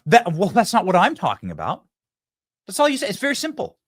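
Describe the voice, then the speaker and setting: A man hosting a political talk show, giving an energetic monologue that repeats phrases and acts out debate lines. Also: high voice, fairly quick. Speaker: political commentator and show host.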